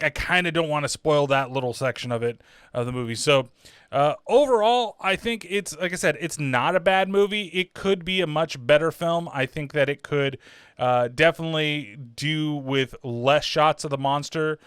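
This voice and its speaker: A man's voice: a little high, moderate pace, a bit bright, smooth, no echo, clean studio sound. A man hosting a casual horror film review, rambling and swearing freely with lots of "like" and "uh" fillers. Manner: rambling, profane, full of fillers like "like" and "uh". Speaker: horror movie reviewer, channel host.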